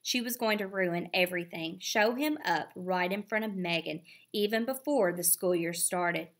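A woman reading a children's novel aloud with expressive storytelling. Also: lowish voice, moderate pace. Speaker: reader.

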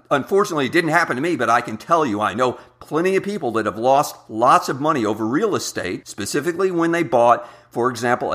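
A man's voice: medium pitch, pushed and bright. A man hosting a money channel, talking through investment examples in an emphatic, repetitive way. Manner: emphatic, repeats key words, spells out examples. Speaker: finance channel host. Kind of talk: scripted-sounding investing talk to camera.

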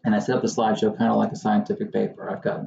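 A man's voice: fairly low pitch, completely flat delivery, very fast, gravelly, dark tone, reverberant, lo-fi sound, a little hiss or hum. A man who hosts his own channel as a surveyor, talking casually to the camera in a wry, exasperated way. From Southern Maine. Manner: wry, exasperated, mocking impressions of others.

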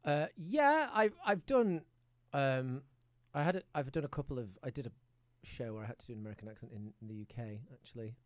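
A man's voice: medium pitch, expressive, fairly quick, dry recording, clean studio sound. A young British man, an actor guest in a casual chat, self-mocking and crude, often restarting his sentences. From United Kingdom.

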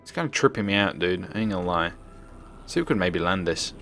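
A young man giving excitable live commentary on his gameplay stream, joking with chat and swearing. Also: deep voice, quick pace, soft background music. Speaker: gaming streamer.

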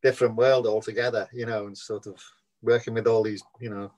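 A man's voice: on the low side, little pitch movement, fairly quick, a little mellow, highs cut off. Scouse man telling rambling showbiz stories. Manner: rambling storyteller, acts out quoted voices. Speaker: actor being interviewed. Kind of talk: casual anecdotal chat.

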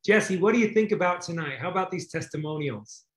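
Casting: grateful male host, higher voice, roomy echo on a video call. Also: lively intonation, brisk. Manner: warm, grateful, rambling with restarts. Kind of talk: casual hosting and announcements. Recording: echoey room on a video call.

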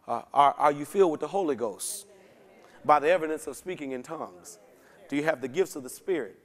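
Speaking fairly quickly, a pastor with a slightly high voice teaches a Bible study in a church sanctuary where a long, ringing reverb trails his words. He keeps things folksy and conversational with slang, often checking on his audience.

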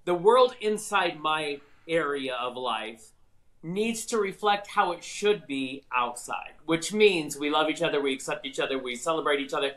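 Bright, effusive male podcast host. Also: on the high side, lively intonation, echoey room, rough recording. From US Northwest. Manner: effusive, quick, laughing often. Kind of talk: casual interview chat.

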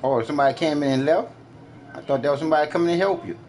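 A man's voice: a little high, rapid-fire, a little mellow, a little hiss or hum. A man trash-talking another player during an online game, taunting and mocking with repetitive jeers.

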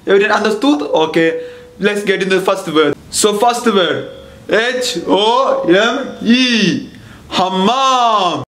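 A man putting on a pushy, high-voiced teacher with a thick Arabic accent, who spells out words slowly and scolds anyone who corrects him. The sketch is recorded in a roomy, echoey space. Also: a little hiss or hum, lightly acted. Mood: bossy. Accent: Arabic-accented English. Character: bossy male English teacher, wrong but stubborn. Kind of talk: comedy sketch.

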